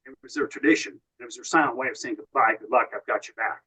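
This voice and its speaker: An American man tells long, winding stories as a podcast guest. His voice sits at a plain, middle pitch. He keeps slipping into quoted lines from other people as he goes. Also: fast, bright, forceful tone, husky, lo-fi sound. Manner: long anecdotal storytelling, quoting others. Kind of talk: casual storytelling.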